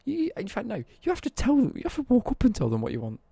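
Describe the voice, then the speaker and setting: A man's voice: very high-pitched, wildly swooping pitch, fast talker, creaky, warm tone, slightly rough, dry recording. A young British man ranting on a casual live stream, sweary and worked up.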